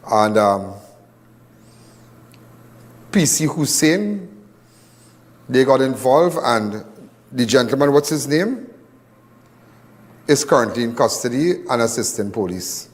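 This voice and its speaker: A man's voice: mid-range voice, expressive, a little slow, long pauses. A man with a Trinidadian accent hosting a live crime show, talking in a loose, rambling, lecturing way.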